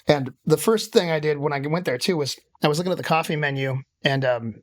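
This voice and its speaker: Animated, easily laughing guest musician man. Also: on the high side, brisk, dry recording. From Seattle. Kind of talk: casual chat.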